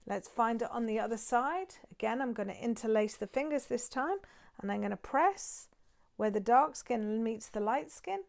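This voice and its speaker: A woman teaching acupressure and breathing, guiding listeners calmly step by step while she demonstrates on her own hands. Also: fairly high pitch, moderate pace, vocal fry. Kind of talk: guided acupressure and breathing instruction.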